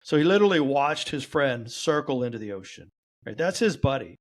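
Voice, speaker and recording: A man sits in as a podcast guest and tells a long story with real animation. He voices the people in it as he goes, shifting his delivery for each quoted line, with a middle-pitched voice. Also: lively intonation, brisk. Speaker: guest, trauma therapy practitioner.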